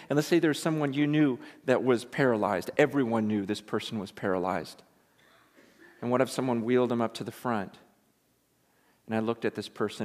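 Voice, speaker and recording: A man preaching a sermon in a church, emphatic and full of rhetorical questions to his congregation. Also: medium pitch. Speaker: pastor. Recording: echoey hall, preached live.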